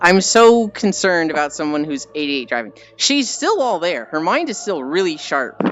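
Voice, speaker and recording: A young adult streamer chatting casually with viewers, telling animated stories and swearing freely. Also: mid-range voice, moderate pace. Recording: slightly dull stream audio with faint music.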